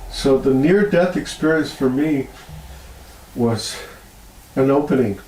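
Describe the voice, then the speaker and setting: This is a storytelling interview with a healer who speaks at a slow pace, laughing often and growing animated, his voice lifting high when he feels moved. The poor audio has a roomy sound and slight background noise.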